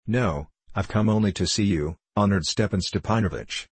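A man's voice: on the low side, normal speed, breathy edge, no echo. A man reading the part of a nervous, flustered suitor in his thirties who stumbles over his words, in an audiobook play reading. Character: nervous 35-year-old male suitor, anxious and hypochondriac.

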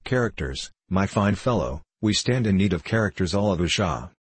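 Cruel fat king read by a guy, bossy and mocking, deep husky voice, dry sound. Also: animated, moderate pace, dry recording. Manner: blustering, commanding, mocking. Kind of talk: audiobook reading.

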